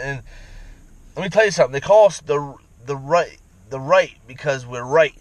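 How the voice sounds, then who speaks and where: A man's voice: mid-range voice, moderate pace, low-quality recording. Profane ranting man. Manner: profane, rambling, repeats himself. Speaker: vlogger. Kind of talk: angry ranting monologue.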